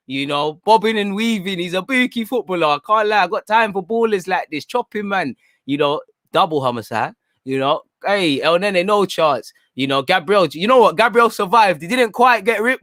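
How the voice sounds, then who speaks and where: A man giving excitable, slangy live commentary at a football watchalong, often talking to his viewers. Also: high voice, dry recording, clean studio sound. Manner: excitable, chatty, slangy, keeps addressing "people".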